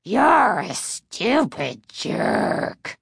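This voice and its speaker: A woman voicing a nasty male ventriloquist dummy in a low, throaty, rasping growl, speaking slowly and insultingly. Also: wildly swooping pitch, no echo, studio quality, heavily acted. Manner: slow, insulting.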